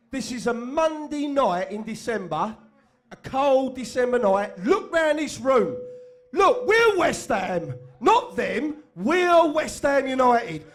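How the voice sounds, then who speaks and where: A man organising a fan meeting, rousing the room and asking the floor for views. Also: sits high. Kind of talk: addressing a meeting.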